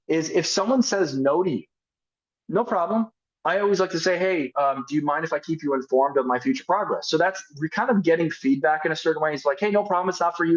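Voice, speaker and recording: A man with a slightly raised pitch speaks in a casual, energetic coaching style, acting out little sample conversations to show how to ask for business. The sound is dull and a bit lo-fi. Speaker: network marketing team leader. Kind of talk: motivational sales coaching talk.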